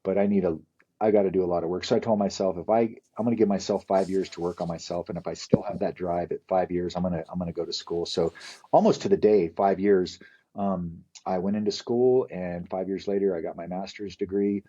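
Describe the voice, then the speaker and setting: Gruff, profane man telling stories. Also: deep voice, fairly even intonation, fairly quick, mellow, lo-fi sound. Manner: candid, profane, rambling storyteller. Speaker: podcast guest. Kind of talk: casual storytelling interview.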